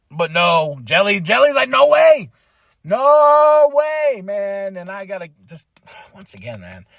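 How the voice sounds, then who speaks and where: Excitable high-voiced man, laughs a lot. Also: no room sound. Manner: excitable, laughs often, acts out reactions. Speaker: podcast host reviewing a wrestling event. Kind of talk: casual solo review monologue.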